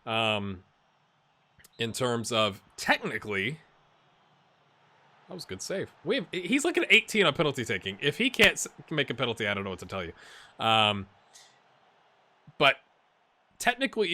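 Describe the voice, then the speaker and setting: Bright-voiced chatty man gaming. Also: fairly high pitch, sing-song, normal speed, long pauses. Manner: chatty, rambling, addresses viewers as "my friends". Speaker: gaming YouTuber. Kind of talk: casual let's-play commentary.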